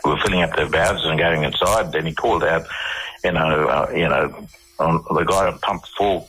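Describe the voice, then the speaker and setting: Husky low-voiced Australian man. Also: bright, forceful tone, poor audio. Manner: halting, many restarts and fillers. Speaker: radio guest. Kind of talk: casual interview storytelling.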